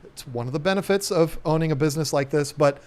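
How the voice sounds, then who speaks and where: A man's voice: on the high side, quick pace, darkish tone, clean tone. Rambling, joking man on a live stream. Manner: rambling, joking, many ums and restarts. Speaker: live stream host, aquarium shop owner. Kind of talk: casual live stream chat.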